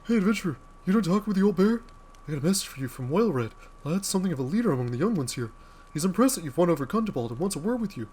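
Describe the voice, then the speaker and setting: A man voicing a brisk male villager delivering a message in a hurried, chatty way. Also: high voice, very animated, a little mellow, faint music behind, voice pushed up.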